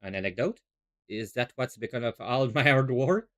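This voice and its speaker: A man's voice: mid-range voice, normal speed, a bit bright, pitched below the performer's own voice, lightly acted. A man doing an exasperated young lawyer.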